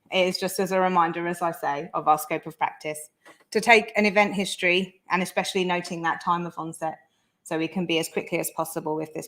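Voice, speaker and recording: Lower-voiced woman running through a checklist. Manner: reassuring, runs through a checklist. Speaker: event organizer. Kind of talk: closing remarks to a training audience. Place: study centre training room.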